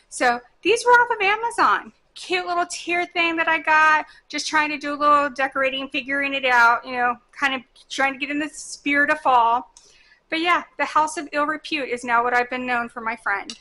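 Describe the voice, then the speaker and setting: A woman's voice: sits high, normal speed, sharp tone. A woman in her forties hosting a home cooking vlog, chatting in a bubbly, rambling way and correcting herself as she goes.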